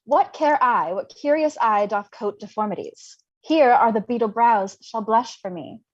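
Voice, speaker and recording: A young woman reading the part of Mercutio, a witty, mocking young man, in an unrehearsed livestreamed Shakespeare reading, with brisk and playful delivery. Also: a little high, dull audio, close to an everyday voice. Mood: teasing. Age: young adult. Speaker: volunteer reader.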